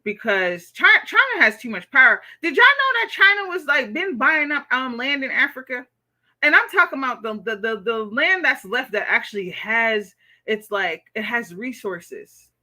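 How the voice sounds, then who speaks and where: A woman's voice: fairly high pitch, bright, forceful tone. An American woman hosting a livestream, reading chat comments and giving blunt, profane commentary, often tagging sentences with "okay?". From United States.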